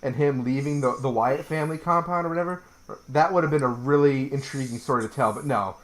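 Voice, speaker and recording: A man's voice: mid-range voice, quick pace. A man talks through a wrestling show in loose, casual chat. He is blunt and opinionated and drops swear words freely, with a voice in the middle of the usual range. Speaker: podcast co-host.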